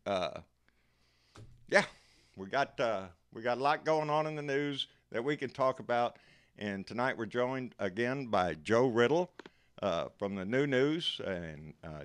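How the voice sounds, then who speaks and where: A man with a Texan accent hosts a live stream in a folksy, chatty way. His voice sits a little low. He greets viewers by name and calls them buddy. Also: animated, normal speed, smooth. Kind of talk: casual chat.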